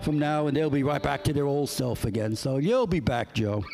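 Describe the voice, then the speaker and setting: A man's voice: medium pitch, normal speed, creaky, lightly acted. A man playing a scoffing male coworker who taunts him, in a sarcastic tone, with guitar music behind. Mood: mocking.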